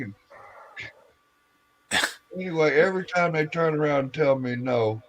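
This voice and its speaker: A man's voice: on the high side, expressive, measured pace, pauses often, dull audio. A man on a live stream telling a long rambling story in casual chat, acting out the voices of the people in it and swearing as he goes.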